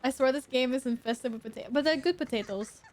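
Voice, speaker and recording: A woman's voice: sits high, fairly quick. A young woman streamer giving casual gameplay commentary, chatty and easily amused, talking back to the game.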